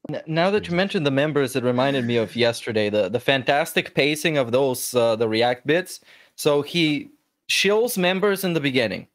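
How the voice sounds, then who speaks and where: A man's voice: medium pitch, normal speed, no room sound. A man co-hosting a podcast in casual chat, critical and swearing as he talks. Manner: critical, deadpan listing with profanity.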